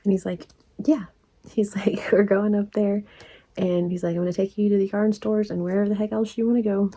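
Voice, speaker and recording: A woman, telling a rambling story in a casual vlog, laughing often and dropping into soft asides. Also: mid-range voice, little pitch movement, quick pace. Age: 40s. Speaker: crochet vlogger.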